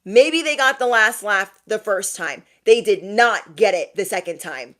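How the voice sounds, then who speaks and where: A woman tarot reader giving a casual message to her viewers, chatty and animated, often laughing and repeating lines for emphasis. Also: medium pitch, unhurried. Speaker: tarot reader and motivational YouTuber.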